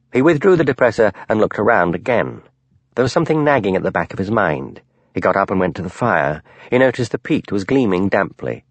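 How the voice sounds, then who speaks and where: A man narrating a mystery audiobook in a measured, expressive storytelling manner. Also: lowish voice, no room sound.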